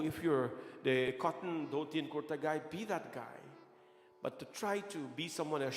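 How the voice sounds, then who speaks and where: A man's voice: a little high, normal speed, soft background music. A man giving a devotional sermon at a temple, emphatic and repeating his lines for effect. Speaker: temple speaker. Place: temple hall. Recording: echoey hall with long reverb.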